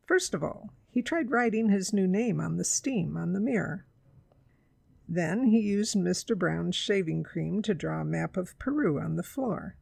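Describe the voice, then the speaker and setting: A woman reads a children's storybook aloud in a clear, measured way. Her voice has a gravelly edge, recorded close and dry. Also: lowish voice, expressive, a little mellow, dry recording.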